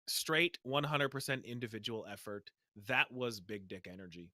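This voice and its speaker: A man chatting on a gaming podcast, excitable and stammering as he restarts his thoughts. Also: mid-range voice, normal speed. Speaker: podcast co-host and player. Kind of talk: casual podcast chat.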